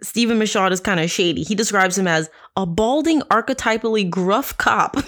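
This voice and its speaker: A woman's voice: medium pitch, expressive, brisk, a bit bright. A woman hosting a casual true crime podcast, telling the story with sarcastic, profane asides. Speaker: podcast host.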